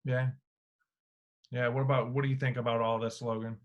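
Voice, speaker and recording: A man hosting a casual podcast, talking in an animated way with free swearing, his voice swinging between loud and quiet. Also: medium pitch, brisk, muffled recording. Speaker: podcast host.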